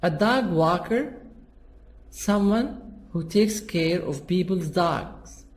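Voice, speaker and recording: A teacher explaining English pronunciation slowly, with lots of repetition. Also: medium pitch, lively intonation. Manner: slow, repetitive and patient. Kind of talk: classroom explanation.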